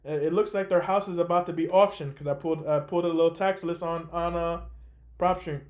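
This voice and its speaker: A young man hosting a call, telling a story in a casual, animated way with lots of fillers. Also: a little high, fairly quick. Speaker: host.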